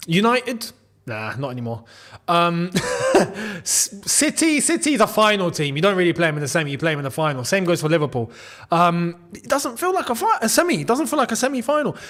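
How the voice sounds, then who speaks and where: A young man hosting a live football watchalong, chatty and quick to laugh as he talks to his viewers. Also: sits high, huge pitch swings, a bit bright. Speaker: football channel host.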